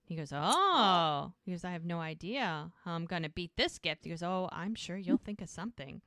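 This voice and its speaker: A woman's voice: on the low side, expressive, normal speed, bright, forceful tone, no room sound. Woman recapping a show in a dry close voice. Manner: retells scenes by quoting characters. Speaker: podcast co-host. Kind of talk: casual recap of a TV episode.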